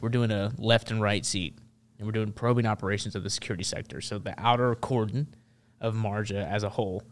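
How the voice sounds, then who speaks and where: A man, a military veteran, telling a story as a podcast guest in a loose, rambling way full of restarts. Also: fairly low pitch. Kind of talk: casual storytelling.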